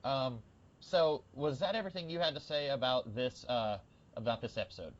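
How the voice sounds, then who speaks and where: A man co-hosting a podcast, chatting casually about a TV episode with lots of fillers and bursts of excitement. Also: medium pitch, moderate pace, lo-fi sound. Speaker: podcast co-host. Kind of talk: casual TV discussion.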